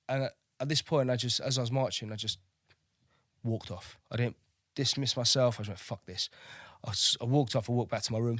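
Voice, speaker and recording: Male navy veteran, thirties, mid-pitched, candid and profane, dry close recording. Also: a bit bright, no echo. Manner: blunt, swears freely, keeps asking "do you know what I mean". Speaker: podcast guest, navy veteran.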